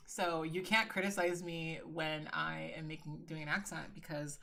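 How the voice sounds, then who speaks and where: Bright-voiced woman chatting frankly on stream. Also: lowish voice, normal speed, hardly any pauses. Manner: chatty and frank, swears freely, calls viewers girl and sis. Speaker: livestreaming video creator. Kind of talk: casual livestream chat.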